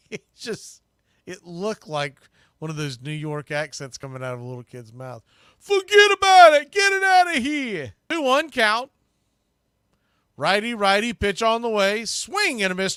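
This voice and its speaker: Dry, fairly high-voiced baseball announcer man. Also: clean tone, no echo. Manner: conversational, analytical, bursts louder on big pitches. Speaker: play-by-play announcer. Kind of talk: baseball play-by-play commentary.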